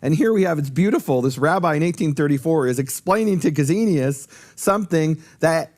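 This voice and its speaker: A man's voice: fairly high pitch, expressive, brisk, darkish tone. A man giving a detailed, emphatic explanation as a guest on a talk show, repeating key points. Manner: earnest, lecturing, emphatic repetition. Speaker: guest teacher on Hebrew.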